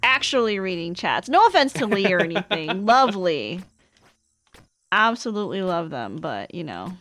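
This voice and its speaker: A woman's voice: lowish voice, very animated, normal speed, fairly bright tone, no echo, faint music behind. A woman streamer chatting casually with viewers while playing a game, thanking them as she goes. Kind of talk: casual live-stream chat while gaming.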